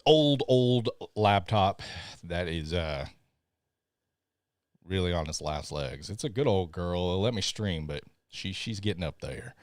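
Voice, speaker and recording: A man's voice: low-pitched, lively intonation, unhurried, no echo, clean studio sound. A man with a Southern accent hosting a live podcast stream, chatty and apologetic while fixing tech. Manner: chatty, apologetic, laughs often. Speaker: podcast host. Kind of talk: casual live-stream chat.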